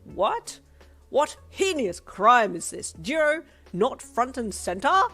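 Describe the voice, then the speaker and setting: A woman's voice: on the high side, very animated, takes it slowly, bright, forceful tone, soft background music, voice pushed up, heavily acted. A woman voicing a cheerful, goofy teenage girl with a playful, theatrical way of talking, in a storybook reading.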